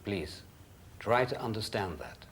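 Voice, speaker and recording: Soap-drama man, slow and gravelly, soothing a troubled friend. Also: on the low side, big pitch swings, fairly bright tone, a little hiss or hum, exaggerated voice. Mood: pleading. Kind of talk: TV soap acting.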